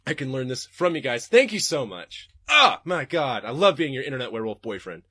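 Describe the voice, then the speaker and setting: A man's voice: medium pitch, big pitch swings, brisk, sharp tone, slightly rough, dry recording, clean studio sound. A man hosting a podcast and reading live chat, talking casually and profanely and laughing often.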